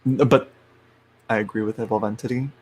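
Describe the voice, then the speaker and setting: A man's voice: on the low side, steady tone, brisk, a little mellow, breathy edge. A man doing a casual live-stream tarot reading, chatty and frank, laughing often and sometimes dropping to a murmur. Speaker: tarot reader.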